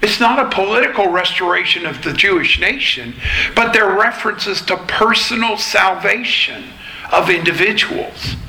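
A pastor delivers an expository sermon to his congregation at an unhurried pace, explaining each point with care. He has a fairly high, very bright voice. The sound is roomy and echoey, as in a church sanctuary, with faint ambience behind him. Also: expressive, gravelly. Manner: measured, explanatory teaching.

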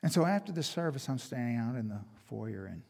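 Male pastor with a husky voice, dramatic sermon delivery that drops to a hush, long church-hall reverb. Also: mid-range voice, big pitch swings, a little fast. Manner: dramatic storytelling with sudden swings from loud to hushed. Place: church sanctuary.

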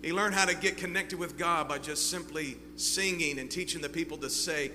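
A male pastor preaching a sermon with fervent swings between loud and hushed delivery. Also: a little high, moderate pace. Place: church sanctuary. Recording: reverberant hall with faint hum.

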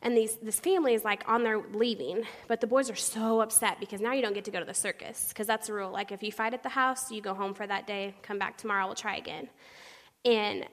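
A young woman giving a personal testimony to a church congregation, animated and storytelling, acting out the people she quotes. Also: medium pitch, fairly quick. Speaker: church speaker sharing her testimony. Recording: long hall reverb.

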